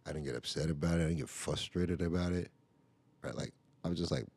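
Gravelly low-voiced man telling a rambling story. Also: fast talker, darkish tone, no echo. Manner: rambling, heavy on "like" and "right?" asides. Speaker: podcaster and father. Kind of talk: casual storytelling. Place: at home.

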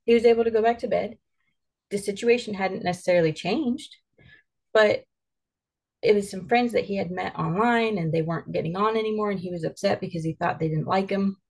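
A woman's voice: mid-range voice, fairly quick, darkish tone, husky. A mother in an earnest, candid podcast conversation, telling stories and reflecting on how she raises her kids.

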